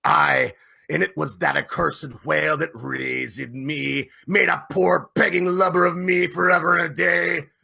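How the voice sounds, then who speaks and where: Obsessed old sea captain, read by a man; raspy, sharp-edged bellowing rants. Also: steady tone, unhurried, full character voice. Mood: grieving rage. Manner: booming, ranting, half-sobbing shouts. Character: fierce old obsessed male whaling captain.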